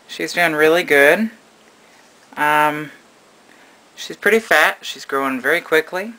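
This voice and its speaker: A man's voice: fairly high pitch, takes it slowly, pauses often, sharp tone, low-quality recording. A man narrating a casual vlog about his pet reptiles, rambling and affectionate, cooing at his animals. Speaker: reptile keeper.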